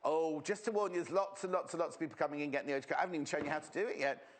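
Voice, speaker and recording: A man's voice: on the high side, very fast, slight background noise. A man presenting a live sewing demonstration on a shopping channel, chatty and gossipy as he teases the crew. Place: TV studio.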